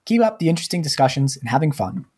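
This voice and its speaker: A man's voice: on the high side, sing-song, racing, darkish tone, breathy edge, pitched above the performer's own voice. A man putting on a cheery Aussie fan voice. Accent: put-on Australian. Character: cheery male Australian podcast fan.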